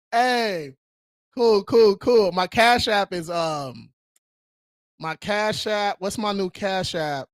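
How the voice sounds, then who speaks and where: A man's voice: high voice, takes it slowly, dry recording, studio quality. Hyped slangy man hosting a livestream. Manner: slangy and hyped, calls viewers bro. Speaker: credit repair livestream host. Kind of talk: casual livestream chat.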